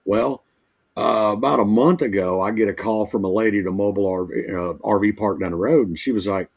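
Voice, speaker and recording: A man's voice: fairly low pitch, fairly quick, husky. A man working as a mobile RV technician, telling folksy repair stories in casual conversation over a livestream call. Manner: easygoing, folksy anecdotes. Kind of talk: casual storytelling.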